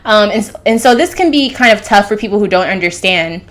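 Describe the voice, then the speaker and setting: A woman's voice: mid-range voice, animated, fairly quick, a bit bright. A woman hosting her own astrology channel, talking casually and loosely, jumping between thoughts. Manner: loose, rambling, fillers and restarts. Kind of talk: casual monologue.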